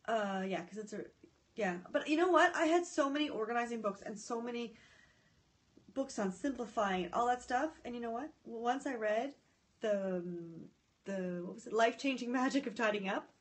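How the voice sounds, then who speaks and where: A woman hosting a casual live stream from her phone or tablet. She chats in a scattered, excitable way, greets viewers by name and often breaks off mid-sentence. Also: fairly high pitch, normal speed. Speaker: livestream host reading viewer comments.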